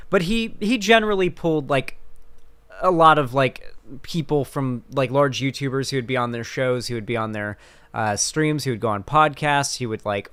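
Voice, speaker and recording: A man's voice: mid-range voice, a bit bright, clear, resonant tone. A man hosting a casual commentary stream, talking in a rambling, sarcastic way with many fillers.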